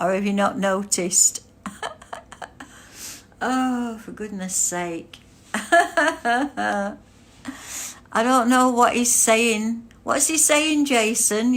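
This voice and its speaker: Giggly woman with a lively voice. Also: on the high side. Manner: giggly, breaks into frequent laughter. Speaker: livestreamer reading chat comments. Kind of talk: casual livestream chat.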